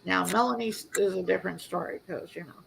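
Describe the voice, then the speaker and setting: A woman's voice: fairly low pitch, quick pace, vocal fry, background noise. A woman co-hosting a casual chat over a video call, chiming in and trading remarks. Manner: conversational, chiming in. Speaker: co-host.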